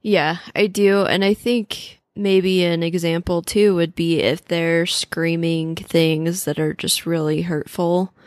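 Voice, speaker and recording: A woman with a lowish voice offers measured, practical advice about teenagers. The sound is close and completely dry. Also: level tone, no echo. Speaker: guest who works with teens. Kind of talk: casual podcast discussion.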